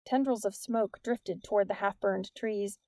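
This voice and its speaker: A woman reading an audiobook in a measured, even narration. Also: medium pitch, no room sound. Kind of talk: scripted narration.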